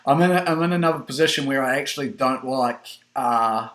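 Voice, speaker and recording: A man's voice: medium pitch, fairly quick, a bit bright. A man hosting a casual fantasy draft chat, hesitant and repeating words as he explains his picks. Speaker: host.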